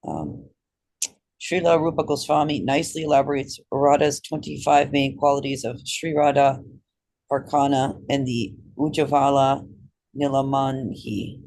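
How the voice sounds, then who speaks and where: A man who is losing his voice reads a commentary aloud in a class, halting and stumbling over unfamiliar names. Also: medium pitch, darkish tone, low-quality recording. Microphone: video call.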